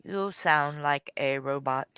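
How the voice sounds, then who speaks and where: A woman's voice: sits low, slow pace, a bit bright, clear, resonant tone, no room sound. A woman chatting on a video call, teasing and laughing often as she shows her digital art. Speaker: digital artist sharing her work. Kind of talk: casual chat on a call.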